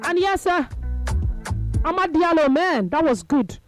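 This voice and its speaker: A woman calls a live football match for radio in a high, bright voice. She thinks aloud between plays and jumps to excited shouts when the action heats up. Faint music sits under her voice. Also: unhurried.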